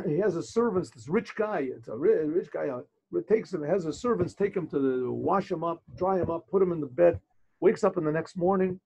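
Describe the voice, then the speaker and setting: A man, a rabbi, tells a story on a video call, halting often and repeating his phrases. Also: on the high side, gravelly, warm tone, slightly rough, poor audio.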